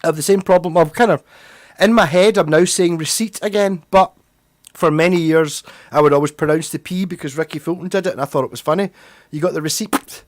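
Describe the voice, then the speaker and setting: A man with a Scottish accent hosts a casual livestream and rambles through stories with restarts and self-deprecating asides. His voice sits a little high for a man, and he sounds a bit tipsy. The sound is dry and close, with no room echo. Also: fairly quick. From Scotland. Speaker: livestream host. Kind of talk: casual chat with chat readers.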